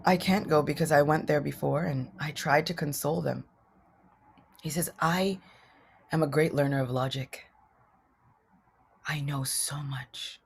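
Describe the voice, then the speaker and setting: A woman's voice: low-pitched, normal speed, vocal fry, a little mellow, slight background noise. A woman voicing a male royal advisor who tells, humbled and sorrowful, how his eloquence failed him. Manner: earnest, sorrowful storytelling.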